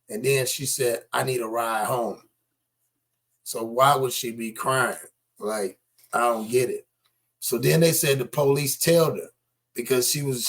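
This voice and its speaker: Man, reaction commentary, skeptical, chatty, mid-range voice. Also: medium pitch. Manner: skeptical, animated, talks straight to viewers.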